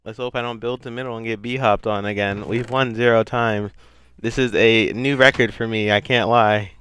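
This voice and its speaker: A man's voice: fairly low pitch, steady tone, moderate pace, fairly bright tone, clean tone. A young man giving casual, rambling gameplay commentary, self-deprecating and given to sudden frustrated outbursts. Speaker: gaming YouTuber.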